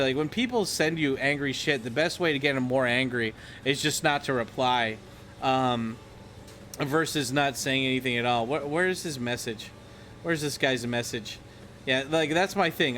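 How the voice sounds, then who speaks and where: Young male vlogger, mid-pitched, rambling and irreverent, heavy on fillers and swearing. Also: fairly bright tone, a little hiss or hum. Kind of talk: casual rambling commentary.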